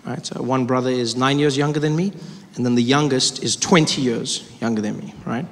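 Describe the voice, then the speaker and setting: A man performing stand-up comedy, telling stories in an animated way on a theater stage, recorded in a hall with a laughing crowd. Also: medium pitch, brisk. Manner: animated storytelling.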